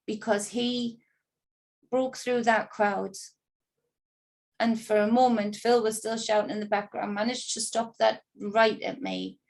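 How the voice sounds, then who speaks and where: A woman's voice: medium pitch, creaky. A woman telling a personal story in an agitated, indignant monologue, swearing freely. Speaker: spiritual reader recounting an ordeal.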